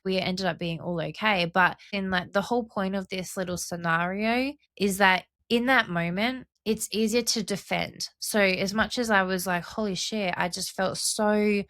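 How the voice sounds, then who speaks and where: A woman's voice: medium pitch, a bit bright, dry recording, clean studio sound. A young adult woman hosting a solo podcast, talking earnestly and passionately, often checking in with "right?" and "okay?". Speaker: podcast host. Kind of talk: reflective solo podcast monologue.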